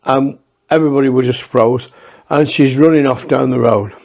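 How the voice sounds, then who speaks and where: A man's voice: medium pitch, fairly even intonation, normal speed, vocal fry, darkish tone. A man telling a rambling, profane anecdote in a casual way, with many restarts. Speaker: storyteller.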